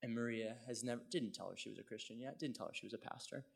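A middle-aged male pastor telling a personal story in a sermon, swinging from hushed tones to loud exclaims. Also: mid-range voice, fast, creaky, breathy edge.

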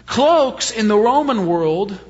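A man with a high voice preaches a sermon in a conversational, questioning way and drives his points home by repeating them. His voice rings with long reverb through a church sanctuary. The sound is dull and lo-fi. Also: expressive, slow pace, a little mellow. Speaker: pastor.

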